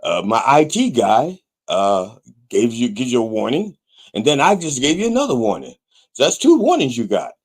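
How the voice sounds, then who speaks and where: A man hosting a comic sermon show, rambling with wry, deadpan asides. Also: medium pitch, moderate pace, breathy edge. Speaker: pastor and show host.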